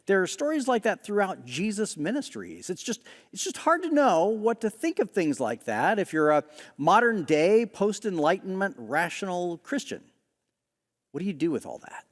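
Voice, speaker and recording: A middle-aged male pastor preaching a sermon in a relaxed, conversational storytelling way, often pausing on "uh". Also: sits high, in a large hall. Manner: conversational storyteller with frequent "uh" pauses. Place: large church hall.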